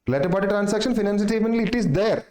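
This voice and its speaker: A man's voice: high voice, racing, warm tone. A man gives a casual exam-prep lecture, explaining step by step with many repeats and fillers. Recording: roomy echo.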